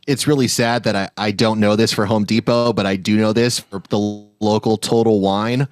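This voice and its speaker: A man's voice: on the low side, steady tone, moderate pace, dry recording. Guy chatting on a podcast, playful, does little quote voices, dry sound. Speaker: podcast co-host. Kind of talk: casual chat.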